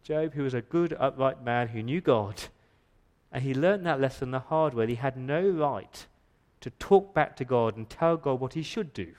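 A pastor giving an emphatic church sermon, full of rhetorical questions and quick stumbling repeats. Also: male voice, mid-range voice, animated, darkish tone.

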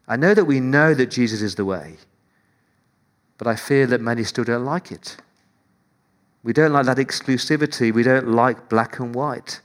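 A man preaching a sermon to his church, driving points home with rhetorical repetition and swinging between loud declarations and hushed, intimate passages. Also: medium pitch, moderate pace.

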